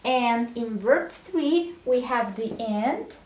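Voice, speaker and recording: Slow, deliberate woman teaching English. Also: a little high, lively intonation, darkish tone, echoey room, slight background noise. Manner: drills verb forms one word at a time, checks in with "all right?". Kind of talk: slow, deliberate language lesson.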